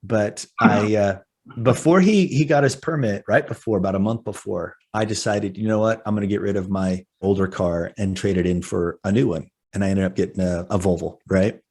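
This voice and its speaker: A man's voice: on the low side, moderate pace, darkish tone. A man in his forties, co-hosting a casual podcast. He tells stories with energy and acts out his own panicked lines. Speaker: podcast co-host.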